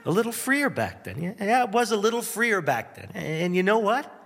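A man hosting a radio show, telling a nostalgic story in a wry, animated way with chuckles and dramatic pauses. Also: high-pitched, creaky, long reverb tail. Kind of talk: nostalgic first-person storytelling.

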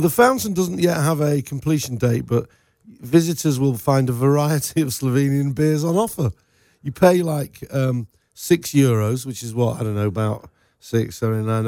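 A man co-hosting a local morning radio show, bantering in a lively, jokey way. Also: mid-range voice, no room sound. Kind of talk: casual local radio chat.

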